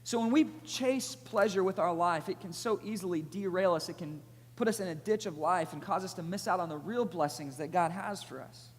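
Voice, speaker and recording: A man in his thirties preaching to a church, telling a personal story with animated, energetic delivery. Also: sits high, brisk, big-room sound. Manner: animated storytelling, energetic, rising loud at climaxes. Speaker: pastor. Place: church auditorium.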